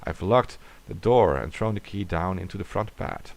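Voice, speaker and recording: A man's voice: low-pitched, lively intonation, normal speed, creaky. A man reading a classic horror story aloud in a dramatic way, sometimes dropping to a whisper.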